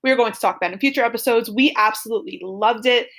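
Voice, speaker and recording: Chatty young woman with a high voice. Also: racing, fairly bright tone. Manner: chatty, giggly, lots of "like" and "super". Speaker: podcast co-host. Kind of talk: casual chat, telling a personal story.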